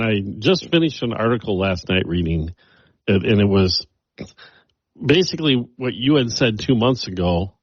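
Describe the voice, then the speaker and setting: Low husky-voiced male radio host. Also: no echo, muffled recording. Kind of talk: radio talk segment.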